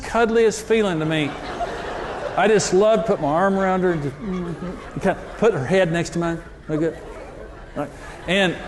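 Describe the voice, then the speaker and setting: A man in a pastor's role tells a sermon through jokey, self-mocking stories. His voice sits a little high for a man. A faint hiss runs underneath. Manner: self-deprecating, jokey, animated storyteller. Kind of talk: humorous sermon storytelling.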